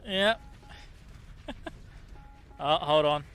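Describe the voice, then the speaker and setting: Guy casting a game match, high voice, laughs a lot, fixes his own slips. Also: very slow, clean tone, faint music behind. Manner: excitable, laughs often, self-correcting. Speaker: tournament caster. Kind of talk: casual game commentary.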